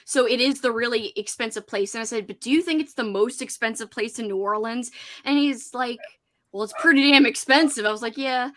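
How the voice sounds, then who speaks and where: A woman's voice: fairly high pitch, brisk, a bit bright. A woman hosting a casual livestream hangout, chatty and giggly, reading out viewers' comments. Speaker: host. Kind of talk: casual livestream chat with guests.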